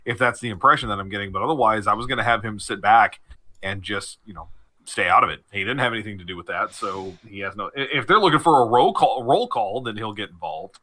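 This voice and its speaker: Player guy, really bright tone, stops and restarts a lot. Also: on the low side. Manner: halting, with restarts. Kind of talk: casual tabletop game talk.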